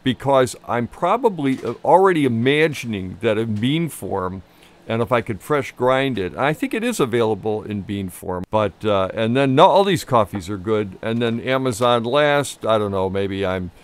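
A man with a Chicago accent co-hosting a casual coffee tasting chat, rambling and full of fillers, quick to laugh. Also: medium pitch, lively intonation. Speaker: co-host.

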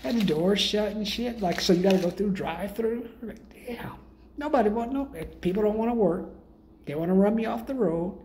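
A man's voice: normal speed, darkish tone, slight background noise. A man ranting in a comedic monologue as a self-styled sales guru, profane and rambling in streetwise slang, pushing his pricey programs. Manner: hard-sell pitchman. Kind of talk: comedic rant.

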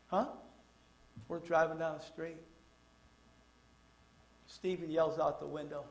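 A pastor with a Southern American accent, preaching at a child dedication, animated and acting out family stories. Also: male voice, measured pace, long pauses. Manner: animated, acts out quotes with pitch jumps; drops to a soft murmur when praying over the child.

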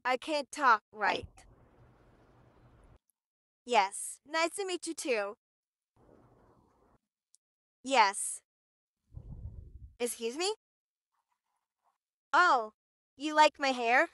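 Lady doing a sly flirty neighbor gal, smooth clear voice, dry sound. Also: sits high, animated, very slow, pauses often, sharp tone, dry recording, full character voice. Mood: teasing. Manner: teasing, sly warnings. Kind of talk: listener role-play.

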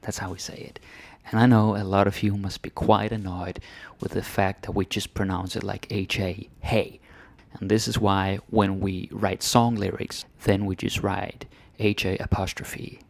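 A low, gravelly man with a Danish accent talks through grammar in a relaxed lesson, tossing in Danish tag words as he goes. The sound is dry and close, with no room around it. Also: moderate pace, no echo. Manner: chatty, drops in Danish tag words and little laughs. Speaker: Danish teacher. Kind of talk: casual explanatory lesson.

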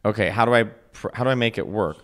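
A man's voice: on the low side, a bit bright. A man from Chicago with a Chicago accent, co-hosting a casual comedy podcast in a chatty, teasing way. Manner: teasing, chatty, quick to explain. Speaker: podcast co-host.

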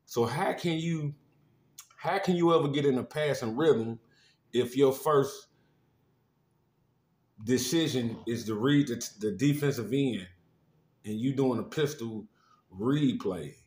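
A man's voice: mid-range voice, slow, pauses often, darkish tone, echoey room. A man analyzing football plays in casual sports talk, stumbling over restarts. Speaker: co-commentator.

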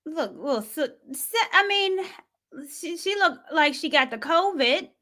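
Sassy woman host, high voice that jumps all over, bright tone. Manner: sassy, animated, with quick asides. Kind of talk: commentary vlog.

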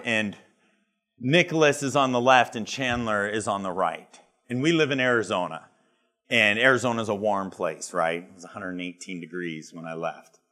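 A man's voice: lowish voice, fairly bright tone. A middle-aged man giving a motivational keynote talk, telling humorous stories and acting out dialogue. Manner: humorous storytelling, acts out dialogue. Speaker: conference speaker. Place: live conference retreat.

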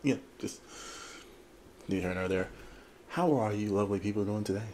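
A man's voice: fairly low pitch, steady tone, normal speed, mellow. A man hosting his channel in a casual, playful chat, rambling and joking before a game trailer reaction. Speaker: host.

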